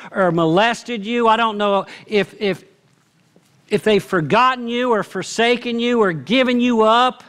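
A man preaching a sermon as pastor, telling a story earnestly and swinging between animated and hushed delivery. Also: sits high, clean tone. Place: church auditorium.

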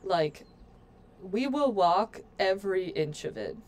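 A woman's voice: mid-range voice, lively intonation, takes it slowly, a little mellow. A woman streaming a game, chatting playfully to her viewers as she plays. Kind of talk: casual gameplay commentary.

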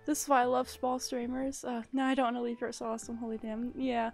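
High-voiced gushing young woman streamer. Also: steady tone, moderate pace, vocal fry, mellow, faint music behind. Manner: gushing, rambling, thanks viewers effusively with many fillers. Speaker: livestreamer. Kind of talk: casual live-stream chat while building in a block game.

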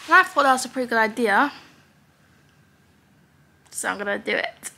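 A woman's voice: a little high, lively intonation, normal speed, creaky. Sleepy teenage girl vlogging. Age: teens. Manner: sleepy, soft morning voice, often near a whisper. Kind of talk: casual vlog chat.

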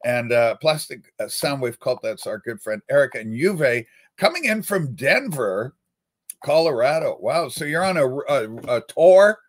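A man's voice: mid-range voice, lively intonation, unhurried. A man hosting a casual livestream, rambling and reading viewer comments aloud with playful, theatrical outbursts. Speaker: livestream host.

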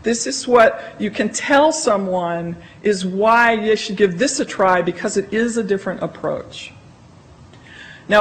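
A woman's voice: mid-range voice, rough recording. A woman speaking to a room as a library consultant. Her delivery is conversational and emphatic. She often slips into acting out what people said, stressing key phrases. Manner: emphatic, conversational, acts out quoted remarks. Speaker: library consultant presenting research. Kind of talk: conference presentation.

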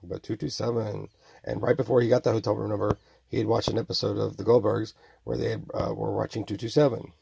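A man's voice: fairly low pitch, little pitch movement, vocal fry, a little mellow, breathy edge, no echo. A man in his forties rambling to himself in a self-recorded monologue, mumbling and stretching out his exclamations. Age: 40s. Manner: mumbling, drawn-out exclamations, voicing imagined tormentors.

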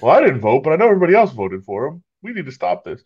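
A man's voice: on the high side, racing, slightly rough, muffled recording. A man co-hosting a casual podcast, sarcastic and mocking, acting out what others say. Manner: sarcastic, animated impressions of others. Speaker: podcast co-host. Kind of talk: casual chat.

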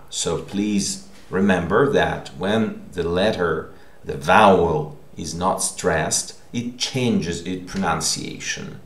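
A man teaches a recorded language lesson, patiently explaining and often checking with a questioning "okay?". His voice sits low and carries a gravelly fry, and his pace is very unhurried. The room around him sounds echoey.

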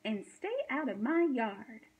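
A woman voicing a grumpy male cactus who yells at visitors to keep out. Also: on the high side, expressive, slow pace, husky, heavily acted, rough recording. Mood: shouting angrily. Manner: shouting and snappish.

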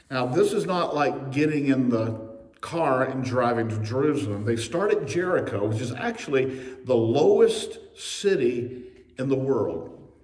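A male pastor with a medium-pitched voice delivers a sermon in a church sanctuary, telling stories, slipping in humorous asides, and acting out quotes. The echoey space is recorded from a distance.

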